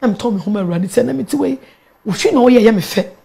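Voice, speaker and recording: Animated Ghanaian woman pastor. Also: on the high side, fast, gravelly. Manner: switches between English and Twi, animated storyteller. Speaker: pastor and guest. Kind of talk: emotional personal testimony.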